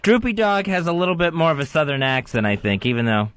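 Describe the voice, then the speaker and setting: A man's voice: a little high, big pitch swings, fast, a bit bright, clear, resonant tone. A man co-hosting a talk radio show, talking in a subdued, self-critical way. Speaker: radio co-host. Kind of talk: casual talk radio chat.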